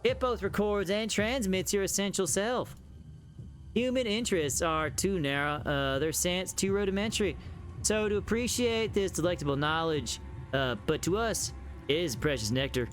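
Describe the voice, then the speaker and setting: A man voicing a creepy plant monster that speaks in a put-on Southern US drawl, slow and fumbling. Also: high voice, animated, faint music behind.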